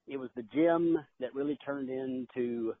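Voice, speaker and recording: A man's voice: mid-range voice, unhurried, phone-quality sound, background noise. A man co-hosting a casual wrestling podcast, trading wisecracks and laughing often. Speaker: podcast co-host.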